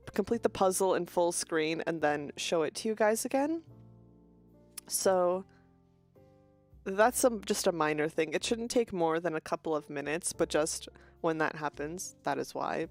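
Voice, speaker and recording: A young woman streamer with a stuffy nose, chatting casually and greeting viewers in a quick, bubbly way. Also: on the low side. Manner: fast-talking, bubbly, frequent laughs.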